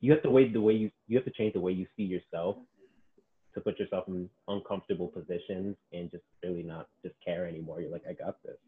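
Low-voiced trainer, tinny phone-like sound. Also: male voice, quick pace. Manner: animated storyteller, acts out clients' quotes. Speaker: personal trainer. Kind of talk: casual podcast chat.

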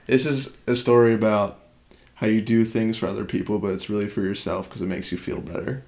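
This is a man with a somewhat low voice, chatting casually as a co-host. He tells his stories with a joking edge and throws in goofy voices for the people he quotes. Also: fairly even intonation, brisk. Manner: joking storyteller, does silly voices. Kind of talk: casual chat.

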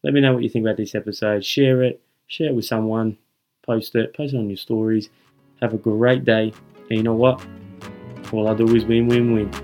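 A man's voice: on the low side, steady tone, fairly quick, a little mellow, soft background music. A young man hosting a motivational podcast, talking earnestly and emphatically to his listeners and repeating his key points. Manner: earnest, emphatic and repetitive, addressing listeners as guys. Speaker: podcast host.

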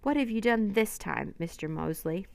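A woman voicing a gruff, stern male ship captain who gives orders. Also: medium pitch, expressive, normal speed, no echo. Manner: gruff, commanding.

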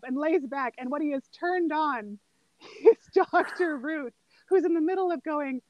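Co-host, woman, high voice, dry close sound, giggly and enthusiastic. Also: a little slow, no room sound, lo-fi sound. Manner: giggly, enthusiastic retelling of scenes. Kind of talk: casual chat about a favorite movie.

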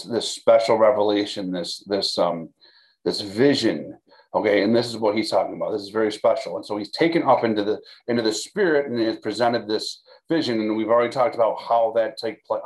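For a video, a man teaches a Bible study in a conversational way, repeating words, using fillers, restarting often and checking in with his listeners by asking "okay?". His voice is medium-pitched, and the recording is rough.

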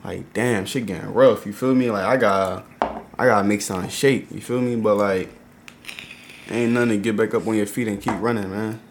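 A man's voice: lowish voice, steady tone, fairly quick, slight background noise. A man talking as a podcast guest, a rapper, in slangy, profane casual chat. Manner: slangy, profane, keeps saying "you feel me" and "bro".

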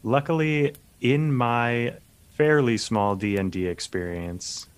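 A man's voice: medium pitch, slow, clear, resonant tone. A man co-hosting a podcast, chatting casually and easily with some nerdy enthusiasm. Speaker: podcast co-host. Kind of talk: casual chat.

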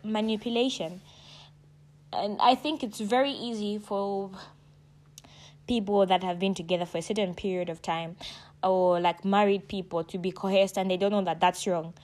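A woman vlogger with a mid-range voice gives advice in casual talk straight to the camera. She's emphatic and preachy, calling listeners sweetheart and darling, and her animated delivery leaps up in pitch whenever she stresses a point.

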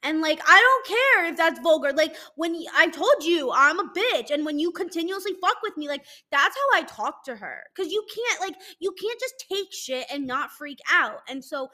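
Bright, blunt woman podcast host. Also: very high voice, very animated, moderate pace, hardly any pauses. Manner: blunt, profane, self-mocking rants. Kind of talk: casual solo podcast chat.

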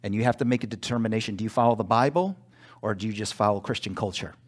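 A male pastor preaching a sermon in church, emphatic, pausing for call-and-response asides. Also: fairly low pitch.

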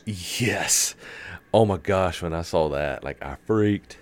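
A man with a very low voice co-hosts a laid-back gaming podcast. He tells stories with a lot of energy and slips into playful voices when he quotes other people. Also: slow pace. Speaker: podcast co-host. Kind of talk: casual gaming chat.

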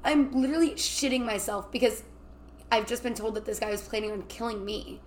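A young woman co-hosting a podcast, telling work stories in a casual chat, animated and acting out the people she quotes. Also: on the high side, fairly quick. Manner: animated, acts out quotes, swears freely. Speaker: podcast co-host. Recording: faint background noise.

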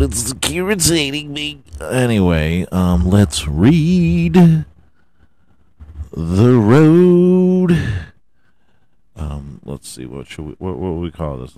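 A man's voice: lowish voice, a little mellow. A man hosting a casual solo podcast, rambling and joking with plenty of swearing. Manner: rambling, profane, jokey. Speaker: podcast host.

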